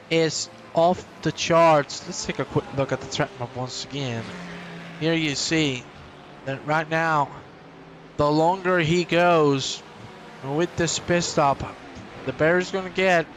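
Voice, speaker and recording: Man, sim racing commentator, slightly high voice, energetic, joking banter, faint background hiss. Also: takes it slowly, long pauses. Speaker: race commentator.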